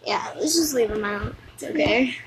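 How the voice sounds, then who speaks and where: Excitable high-voiced female game commentator. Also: moderate pace, crowd noise, rough recording. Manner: excitable, exclamatory, sing-song repetition. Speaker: gaming video host. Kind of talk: live gameplay commentary.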